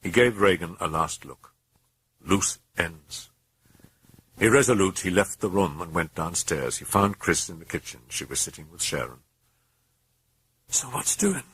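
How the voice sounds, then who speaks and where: A man's voice: low voice, normal speed, a bit bright, husky, no echo. A man narrating a horror novel aloud in an intense, brooding way. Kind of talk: dramatic horror audiobook narration.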